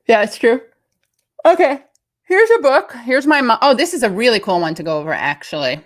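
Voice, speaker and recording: A woman's voice: on the high side, sing-song, brisk. An American woman in her thirties hosting a casual livestream, rambling chattily and reading viewer comments aloud. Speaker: show host.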